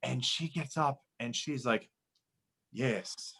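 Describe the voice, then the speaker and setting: A man's voice: mid-range voice, lively intonation, normal speed, a bit bright, poor audio. A young man chatting as a podcast guest, rambling with many fillers and restarts. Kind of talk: casual chat.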